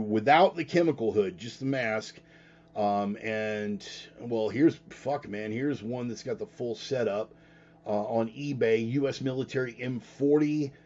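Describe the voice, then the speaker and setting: A man with a fairly low, slightly mellow voice hosts a casual live show, heard in a muffled recording. He talks bluntly and rambles, swearing often in this easygoing livestream-style talk.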